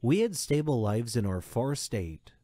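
A man telling a first-person story as scripted narration, in a slow, measured way. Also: medium pitch, very animated, dark tone, no room sound, clean studio sound.

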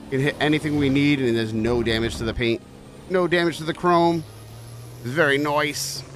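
A man with a slightly high, fairly bright voice streams a truck-driving game at normal speed. He chats with viewers, greets them by name, and yelps at near misses as he gives live gameplay commentary.

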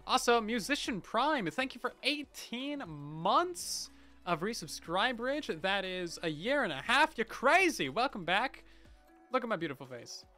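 A game streamer on a headset mic chats casually, muttering to himself, humming as he builds, and reading out chat names to thank viewers. His high voice has big pitch swings and a bright, forceful tone at a measured pace, with soft background music.

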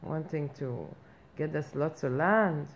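In a deep voice and slow delivery, a woman performs a satirical comic monologue as a brash, self-important female reporter. She rants in mock earnest, blustering and firing off outraged questions, on a muffled lo-fi recording with faint background noise.

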